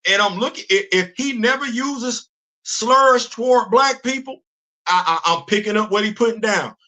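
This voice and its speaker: Animated older man, high bright voice. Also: moderate pace. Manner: animated, repeats words when he starts a sentence. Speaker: host. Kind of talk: livestream commentary.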